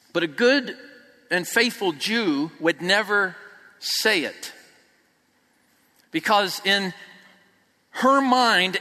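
A high-pitched male preacher with a bright, forceful tone, teaching his congregation and leading them to repeat words. He moves between quiet, hushed phrases and lively emphasis. His voice rings out through a large hall with a long echo. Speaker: pastor. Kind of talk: sermon. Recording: echoey hall.

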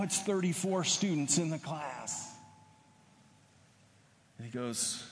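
A man's voice: medium pitch, a little slow, pauses often. Man preaching in an echoey hall. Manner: animated storyteller. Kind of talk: sermon storytelling. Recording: echoey hall with faint noise.

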